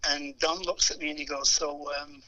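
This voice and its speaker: An older man, telling stories as a musician guest in an interview, animated and acting out the people in them. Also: a little high, a little fast, highs cut off. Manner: animated storyteller who acts out voices and hums melodies. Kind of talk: anecdotal storytelling interview.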